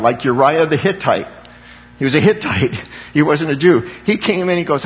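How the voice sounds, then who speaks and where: A man's voice: a little high, expressive, a little fast, muffled recording. A man preaching an impassioned sermon as a pastor, calling on the congregation for amens.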